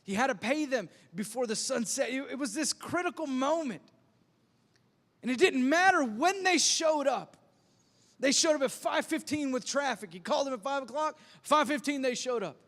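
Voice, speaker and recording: A man's voice: very high voice, expressive, normal speed, a bit bright, big-room sound. A man preaching a sermon as pastor, telling self-deprecating stories with lots of stammered restarts. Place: church sanctuary.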